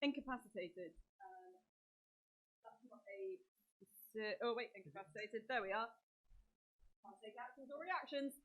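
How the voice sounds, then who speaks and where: A woman's voice: fairly high pitch, expressive, normal speed, long pauses. A woman narrating as dungeon master, describing scenes vividly and talking through the rules aloud. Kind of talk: narrating a tabletop game.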